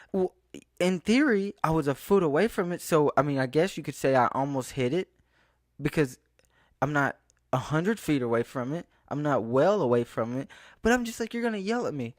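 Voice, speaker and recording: Young adult male vlogger, rants, exasperated, rambling delivery, slightly high voice, dry close mic. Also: dry recording. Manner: rambling, exasperated, restarts and quoted asides. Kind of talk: casual ranting monologue. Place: outdoors in a town, then home.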